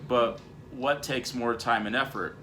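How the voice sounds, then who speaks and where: A man's voice: medium pitch, steady tone, a little slow, bright, forceful tone, slight background noise. A man co-hosting a parenting video at home, explaining communication scenarios step by step in a casual teaching chat.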